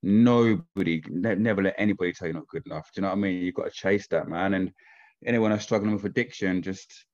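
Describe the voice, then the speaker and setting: A man's voice: low voice, fast, darkish tone, highs cut off. A man, chatting casually as a podcast guest and telling stories informally and with animation. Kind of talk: casual chat.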